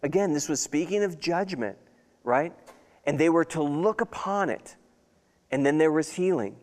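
A man's voice: on the high side, expressive, moderate pace, a little mellow, long reverb tail. A man preaching a sermon as pastor, reading scripture and breaking into folksy, chatty asides.

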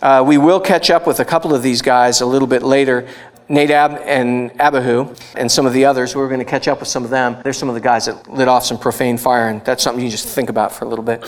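A middle-aged pastor gives a casual, conversational sermon in a mid-range voice, talking fast. He's animated and slips into excited voices whenever he quotes someone.

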